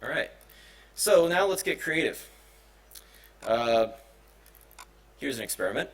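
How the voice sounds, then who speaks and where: A man's voice: fairly high pitch, expressive, slow, a bit bright, poor audio. A man giving a conference presentation on simulation and music, talking casually with many fillers and restarts. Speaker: conference speaker. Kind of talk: technical presentation. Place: conference hall.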